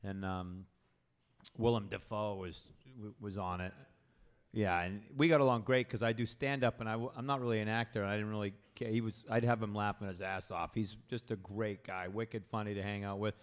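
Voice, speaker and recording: A man, a stand-up comedian and podcast guest, telling comic stories in a lively way and acting out the people in them, at a comedy club. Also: on the low side, normal speed, clean tone. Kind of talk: comic storytelling anecdote. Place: comedy club with a live audience.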